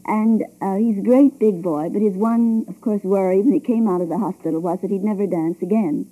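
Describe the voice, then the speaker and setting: A woman speaking earnestly as a guest on a 1940s radio interview, halting and restarting her sentences. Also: mid-range voice, warm tone, rough recording.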